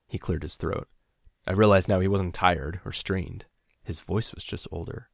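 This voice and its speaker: A man narrating a first-person horror story in a measured voice that drops to a hush on tense moments. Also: low-pitched, steady tone, vocal fry, slightly rough, dry recording, studio quality.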